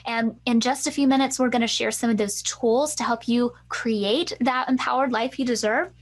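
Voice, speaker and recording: Woman co-host, fairly high voice, earnest, animated storytelling. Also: normal speed. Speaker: empowerment coach, co-host. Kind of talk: personal storytelling in a masterclass.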